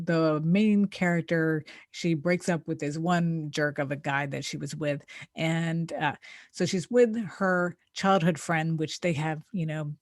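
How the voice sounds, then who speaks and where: Low-voiced chatty woman coach. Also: no echo, clean studio sound. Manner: chatty and warm, laughs often, many fillers and restarts. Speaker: relationship coach and podcast host. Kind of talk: casual explanatory talk.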